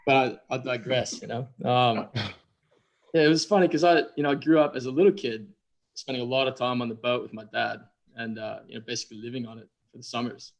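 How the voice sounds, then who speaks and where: A man from Minnesota, a guest sailor, talking in a relaxed, self-deprecating way full of "you know". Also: mid-range voice, brisk, creaky. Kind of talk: casual conversation.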